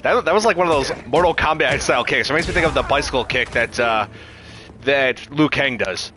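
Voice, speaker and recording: A man's voice: mid-range voice, a little fast. Chatty male gamer streaming live. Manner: chatty, reacts to chat, frequent restarts. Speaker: livestreamer. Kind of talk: casual gameplay livestream chat.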